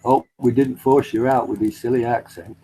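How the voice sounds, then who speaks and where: A man's voice: mid-range voice, fairly even intonation, moderate pace, mellow, husky, rough recording. A man with a Lancashire accent, chatting casually and rambling with many fillers and restarts. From Burnley, England. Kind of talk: casual chat on a call.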